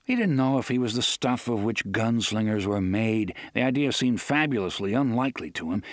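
This is scripted audiobook narration by a man with a mid-range voice, told in a steady, measured way. The recording is studio quality, with no audible room.

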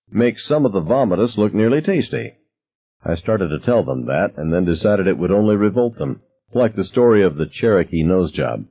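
The audio is dull and lo-fi as a husky, low-voiced man reads a first-person audiobook. His telling comes across as wry and reflective.

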